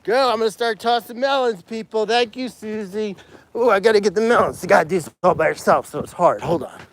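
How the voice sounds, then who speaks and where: A man's voice: high voice, a little fast. A man caring for animals at a sanctuary, chatting to a live stream while he works alone outdoors, calling and coaxing the pigs in a sing-song way. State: working alone, moving around outdoors. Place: outdoor pig pens.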